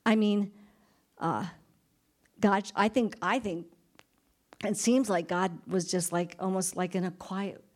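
Woman, Bible study leader, casual and talkative, lots of "like" and "I mean", quick laughs. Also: medium pitch, darkish tone. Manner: chatty, thinks aloud with fillers; laughs often while retelling. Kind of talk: informal Bible teaching.

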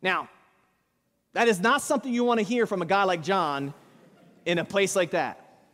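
A male pastor preaching in church, spinning a dramatic story with emphatic punches. His voice runs high for a man, and a long reverb from the hall trails each phrase. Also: moderate pace, fairly bright tone. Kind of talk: sermon.

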